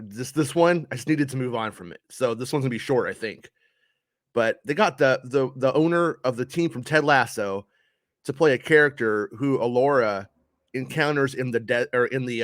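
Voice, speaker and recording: A man's voice: mid-range voice, fairly bright tone, dry recording, studio quality. A man giving a casual spoken review of a show, frustrated and ranting, swearing often.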